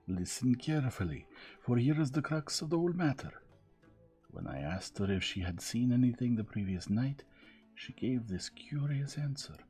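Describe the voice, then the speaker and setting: A man's voice: medium pitch, big pitch swings, darkish tone, breathy edge, soft background music. A man voicing a fussy, precise older Belgian male detective who lays out his reasoning step by step. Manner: measured, explaining step by step.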